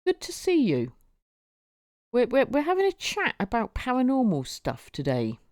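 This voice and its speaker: A woman's voice: fairly high pitch, wildly swooping pitch, normal speed, darkish tone, no room sound, clean studio sound. A woman streaming, chatting casually with viewers and often repeating her words as she goes. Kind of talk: casual live-stream chat.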